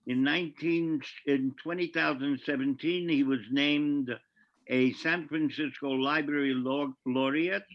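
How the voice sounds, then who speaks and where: Male host introducing poets, hesitant and unhurried, muffled lo-fi audio. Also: on the high side, fairly even intonation. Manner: hesitant, with frequent fillers. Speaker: host of a poetry reading. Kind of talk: introducing readers at a live-streamed reading. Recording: dull lo-fi audio.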